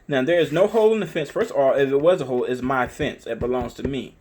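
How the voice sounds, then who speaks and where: A man, casually telling a story in a vlog, animated and emphatic, with lots of cursing and repeated phrases. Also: medium pitch, quick pace. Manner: animated, profane, emphatic retelling; repetitive, conversational phrasing. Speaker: dog owner telling a story.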